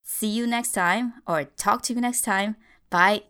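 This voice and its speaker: A woman's voice: medium pitch, measured pace, pushed and bright, clear, resonant tone. A woman hosting a podcast English lesson, explaining grammar with little acted stories, speaking English as a Portuguese speaker. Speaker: English teacher, podcast host.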